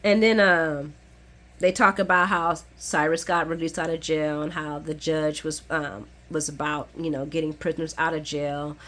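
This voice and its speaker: A woman giving a chatty, casual recap of soap episodes, laughing often and swinging from low muttered asides to high excited exclamations. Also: normal speed. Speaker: soap opera recap vlogger.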